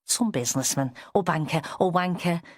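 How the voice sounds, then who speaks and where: A weedy, fretful man with a Liverpool accent, devoted to his wife, as a woman narrator puts him on. His pitch rises and falls a lot, in a dry, close recording. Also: animated, moderate pace, no echo. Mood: worried.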